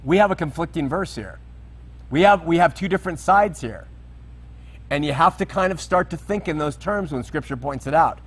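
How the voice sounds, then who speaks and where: A man's voice: a little high, moderate pace, slightly rough. A man preaching a sermon, teaching through Bible verses with emphatic, questioning delivery.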